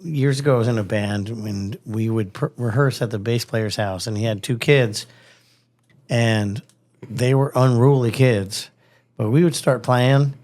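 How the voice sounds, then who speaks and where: A man's voice: medium pitch, a little slow, a little mellow. A man hosting a podcast, chatting in a friendly way and relating his own stories to his guests. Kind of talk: casual podcast conversation.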